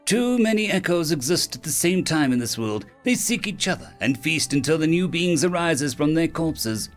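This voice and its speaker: An earnest, curious young dungeon core, as a man puts him on. He speaks with a lively rise and fall, slightly raised in pitch. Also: moderate pace, soft background music.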